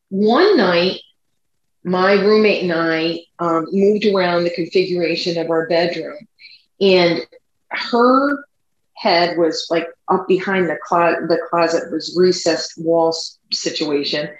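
A woman with a fairly low voice tells a personal story in a loose, chatty way, speeding up and slowing down as she goes. The recording sounds dull and lo-fi, with a roomy echo around her. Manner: chatty, rambling, speeds up and slows down. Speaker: podcast co-host. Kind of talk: casual storytelling chat. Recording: echoey room, dull lo-fi sound.

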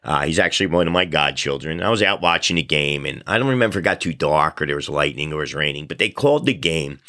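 A man hosts a casual talk podcast, chatting loosely and poking fun at himself. His voice is deep and forceful. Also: expressive, fast. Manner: chatty, loose, self-deprecating storyteller. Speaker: podcast host. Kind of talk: casual talk show monologue.

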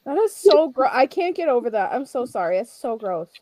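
A woman's voice: high-pitched, sing-song, brisk, dark tone, low-quality recording. A woman co-hosting a casual podcast who talks bluntly and swears freely. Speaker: podcast co-host. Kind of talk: casual group podcast chat.

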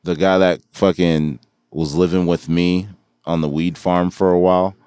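Man, very deep voice, crude jokes, laughs often, dry sound. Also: flat delivery, moderate pace, darkish tone, smooth, dry recording. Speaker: podcast guest on phone. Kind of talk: casual podcast banter.

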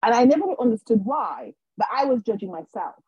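A husky woman tells a personal story as a podcast guest. She acts out what people said and trips into restarts along the way. The sound is dry and a little dull. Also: on the high side, fairly quick, dry recording. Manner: animated, acts out quotes, frequent restarts. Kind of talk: casual storytelling in an interview.

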